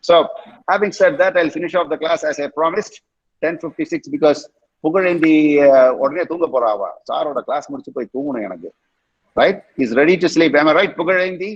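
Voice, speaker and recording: A man's voice: fairly high pitch, rapid-fire, slightly rough. A middle-aged man with a Tamil accent teaching English pronunciation in an online class, repeating words as drills and switching between English and Tamil. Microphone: video call. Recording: muffled video call audio.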